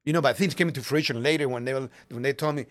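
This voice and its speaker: A middle-aged man from Peru with a Peruvian Spanish accent, a restaurant owner telling stories in a radio interview with lively restarts and repetitions. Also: medium pitch, rapid-fire, no room sound. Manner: animated storyteller, restarts and repeats words. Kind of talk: casual interview storytelling. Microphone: studio microphone.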